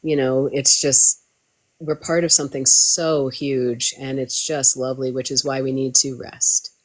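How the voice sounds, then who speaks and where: A woman tarot reader hosts a casual spiritual chat in a deep, low voice. She is upbeat and animated, and her pitch leaps high whenever she gets excited, with quick chatty runs in between.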